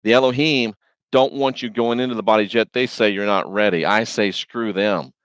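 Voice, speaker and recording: A man's voice: lowish voice, steady tone, normal speed, a bit bright, no room sound, natural voice, rough recording. Sly snake guy sweet-talking you, a man putting it on, dry close sound. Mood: coaxing. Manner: coaxing, confiding, slangy. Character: sly, sneaky snake tempter, male.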